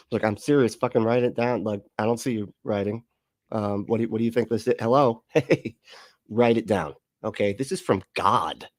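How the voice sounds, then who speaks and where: A man's voice: fairly low pitch, normal speed, no room sound, clean studio sound. A man commentating on a livestream, mocking and profane, laughing often through his sarcastic remarks.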